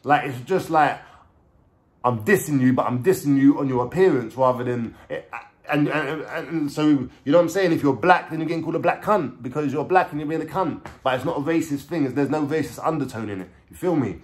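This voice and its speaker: A man's voice: on the high side, a little fast. A man with a London accent telling a story from his life in casual street slang, with lots of swearing. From England. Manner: street slang, swearing, frequent "you know what I'm saying". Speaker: vlogger.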